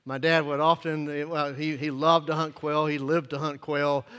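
Preacher guy in his 50s, high voice, folksy and earnest, lots of uhs, long echo like a big church. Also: level tone, moderate pace, bright, forceful tone, clear, resonant tone. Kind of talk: sermon with personal storytelling. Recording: long echoing hall reverb.

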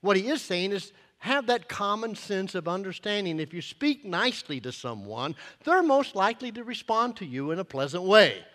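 A fifties-aged male preacher with a high-pitched voice, speaking in a folksy, earnest way. He hesitates and restarts often, and his voice carries a long hall reverb, as if in a large church. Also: big pitch swings, normal speed, hardly any pauses, a bit bright. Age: 50s. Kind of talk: sermon with personal storytelling.

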